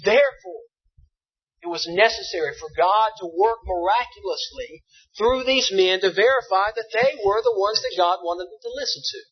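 A man's voice: sits high, moderate pace, slightly rough. A man preaching a sermon, asking his listeners questions and answering them himself. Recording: dull lo-fi sound.

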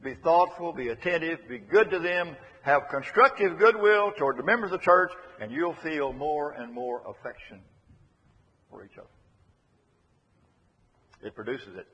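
A man preaching a sermon, earnest and emphatic, circling back on his key phrases. His voice sits a bit high and sounds breathy. The recording is dull and lo-fi, with a long echo from a large hall. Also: expressive, moderate pace, pauses often, a bit bright.

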